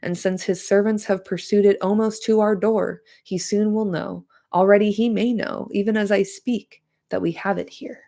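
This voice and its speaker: A woman's voice: mid-range voice, steady tone, vocal fry, dark tone, natural voice. Woman reading as a grave old wizard. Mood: warning. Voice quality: nasal. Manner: slow, solemn, measured reading.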